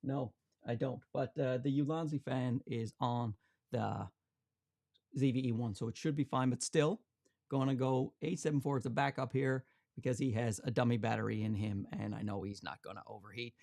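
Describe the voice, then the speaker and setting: A man's voice: mid-range voice, steady tone, moderate pace, creaky, a little mellow, dry recording. A man hosting a camera livestream from his home studio, chatting and joking as he reads viewer comments aloud. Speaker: camera channel host. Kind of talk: casual livestream chat. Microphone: XLR shotgun mic.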